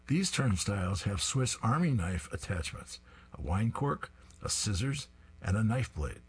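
Husky-voiced man reading comics aloud. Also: fairly low pitch. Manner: amused, chuckling asides. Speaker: reader of comic strips.

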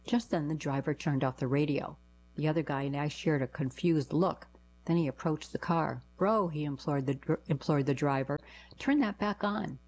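A woman's voice: low-pitched, fairly even intonation, normal speed, darkish tone, a little hiss or hum, rough recording. A woman reading short first-person anecdotes aloud, giving quoted lines a lift in her voice.

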